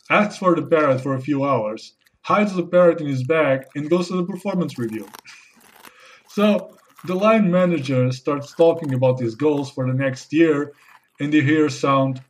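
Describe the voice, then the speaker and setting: A man acting in a comedy sketch, talking about family life in chirpy corporate jargon and telling a joke with lively put-on voices. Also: a little high. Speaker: sketch actor playing a corporate-speak husband.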